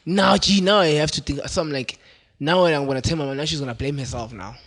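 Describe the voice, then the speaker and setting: A young South African man hosting a podcast, telling a story in a relaxed, animated way and laughing often. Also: a little high, fast. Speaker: podcast host. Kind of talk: casual storytelling chat.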